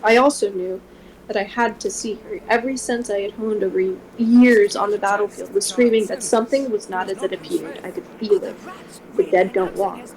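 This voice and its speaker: A woman streamer reading a gothic horror novel aloud in a steady first-person voice. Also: medium pitch, normal speed, poor audio.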